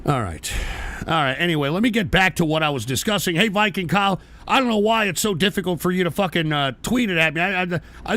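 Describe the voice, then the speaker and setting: A male radio host ranting live at trolls in his chat, swearing and yelling, then sighing to calm himself. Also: high voice, fast talker. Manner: swings between fury and sighing calm. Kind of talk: live call-in style radio rant.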